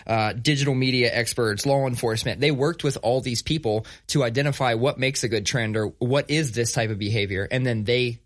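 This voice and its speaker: A man co-hosting a casual podcast, talking in a relaxed, conversational way and telling stories. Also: mid-range voice, fairly quick, few pauses. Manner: conversational, reads sponsor plug casually. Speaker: podcast co-host. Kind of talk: casual chat.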